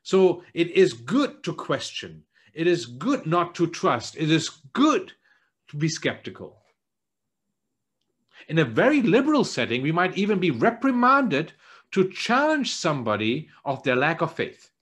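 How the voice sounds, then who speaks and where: A man, a church elder, preaching a sermon in an earnest way, often repeating words as he searches for phrasing and dropping low and soft for quoted lines. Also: big pitch swings, unhurried, slightly rough.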